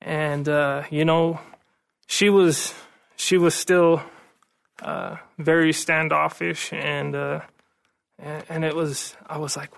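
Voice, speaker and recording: A man shares a heartfelt testimony, his voice pitched a little high for a man. He speaks earnestly, stumbling and repeating words as he searches for them. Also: fairly even intonation, slow pace, vocal fry, fairly bright tone. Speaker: recovery meeting speaker. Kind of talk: personal testimony.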